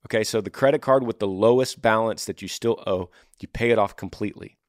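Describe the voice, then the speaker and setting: A man's voice: lowish voice, brisk, dry recording, clean studio sound. Blunt, earnest male podcast host. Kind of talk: casual advice podcast.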